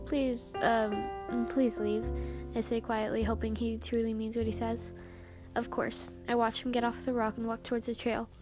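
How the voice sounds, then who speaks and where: A young woman reading a fan story aloud in a quiet, flat voice, close to tears and apologizing nervously. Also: on the high side, fairly quick, music in the background. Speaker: fanfiction reader.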